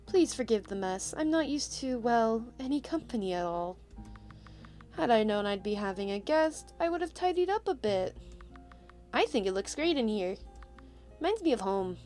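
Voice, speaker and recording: A woman reading as a gentle, lonely witch in a cozy game, her voice soft, tender and a touch high. She speaks warmly and wistfully, with light game music behind. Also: sing-song, moderate pace. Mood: welcoming.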